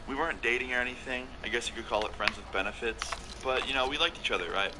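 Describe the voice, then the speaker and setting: Young man telling a story over loud road noise. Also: mid-range voice, quick pace. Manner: casual, swears often, fills with "like" and "okay?". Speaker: storytelling vlogger. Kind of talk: casual story time. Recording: loud vehicle noise behind the voice.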